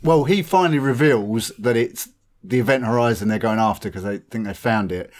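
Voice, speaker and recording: A man's voice: medium pitch, fairly quick. A man in casual podcast chat, retelling film scenes with laughs and swearing.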